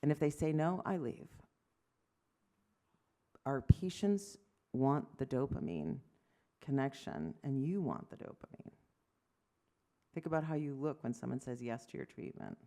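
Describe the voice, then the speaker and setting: Woman, 50s, physician lecturer, fry-edged voice, lively storyteller. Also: extremely low pitch, normal speed, long pauses. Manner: animated storytelling, acts out dialogue, self-deprecating asides. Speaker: physician giving an award lecture. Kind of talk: lecture to medical audience.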